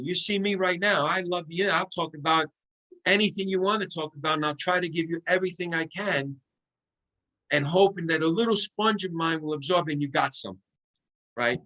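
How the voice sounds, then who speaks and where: Guy on a zoom call pumping up a sales team, kinda high voice, gets excited, acts out phone calls. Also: poor audio. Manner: excitable, coaching, quotes sample phone calls. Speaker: guest sales trainer. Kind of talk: motivational team training talk. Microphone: video call.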